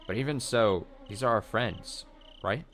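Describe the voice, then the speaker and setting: Deep-voiced man reading a game aloud. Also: a little slow. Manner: steady reading with brief wry asides. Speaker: let's play host. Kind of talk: reading a visual novel aloud.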